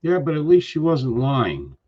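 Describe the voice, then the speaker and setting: Throat-clearing man grumbling bluntly. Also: mid-range voice, wildly swooping pitch, measured pace. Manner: keeps clearing his throat and coughing. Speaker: podcast co-host. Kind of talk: casual political chat. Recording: dull lo-fi sound.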